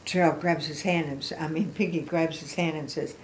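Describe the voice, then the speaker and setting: A woman's voice: lowish voice, fairly even intonation, brisk, hardly any pauses, a little mellow, echoey room, a little hiss or hum. An older woman, a grandmother, reading a picture book aloud to children on video, chatty and asking them questions. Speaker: storybook reader.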